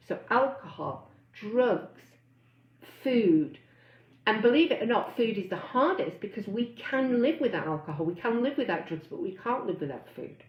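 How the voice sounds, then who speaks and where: A woman weight-loss coach giving a chatty live online talk, reading out comments and acting out inner voices. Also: on the low side. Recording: roomy, slightly dull sound.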